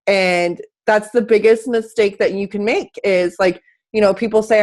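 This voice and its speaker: A woman's voice: medium pitch, fairly even intonation, normal speed, a little mellow. Motivational woman host, emphatic and blunt, heard over a video call. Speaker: host of a coaching live video. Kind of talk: casual live-stream chat.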